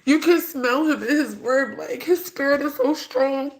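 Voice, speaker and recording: A woman's voice: sits high, unhurried. A woman talking casually to viewers on a livestream. She is blunt and profane and swings between scorn and grief. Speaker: livestreamer, grieving mother.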